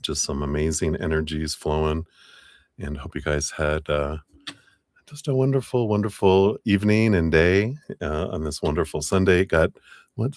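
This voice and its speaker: Deep-voiced upbeat man hosting a live stream. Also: no room sound, clean studio sound. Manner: upbeat, laughs often. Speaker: tarot reader host.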